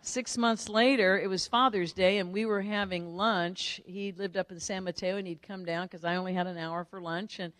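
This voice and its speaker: A woman's voice: medium pitch, moderate pace, hardly any pauses, dry recording, long reverb tail. A woman giving a motivational speech to an audience, telling her story energetically and tagging lines with "right?". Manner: energetic, animated storytelling with frequent "right?" tags. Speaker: motivational speaker.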